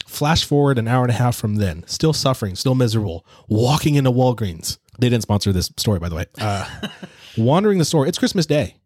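A man in an unhurried, joking podcast chat who rambles through his stories and laughs easily. His voice sits at an ordinary middle pitch and sounds dry and close, with no room around it. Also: very animated, darkish tone, no room sound. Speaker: podcast host. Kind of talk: casual chat.

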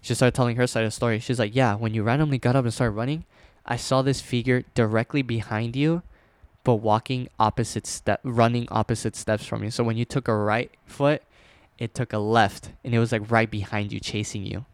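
A young man casually telling a scary personal story, rambling with fillers and restarts, dropping to a hush at tense moments. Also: medium pitch, fairly even intonation, brisk, no room sound.

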